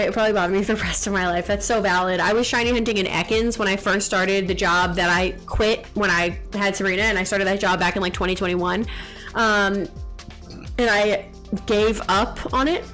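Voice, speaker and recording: A woman's voice: mid-range voice, fairly bright tone. A young woman streaming a game, chatting casually and teasing the viewers in chat. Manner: chatty, reads chat aloud, quick jokes and teasing.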